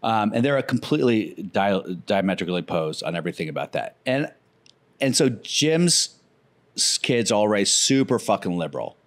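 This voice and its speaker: Profane, animated lower-voiced man. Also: normal speed. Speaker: comedian podcast guest. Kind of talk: casual podcast chat.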